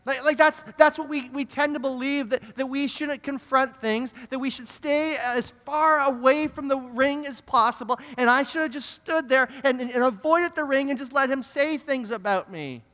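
A young man, a pastor telling a story in his sermon, earnest and animated, often repeating words as he goes. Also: very high voice, moderate pace, hardly any pauses. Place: church sanctuary. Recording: reverberant church hall.

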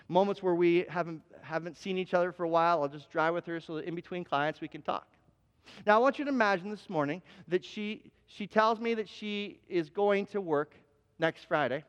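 A man's voice: a little high, clear, resonant tone, highs cut off. A man preaching a sermon as pastor, telling a story in a conversational, self-deprecating way and acting out bits of dialogue. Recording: long hall reverb.

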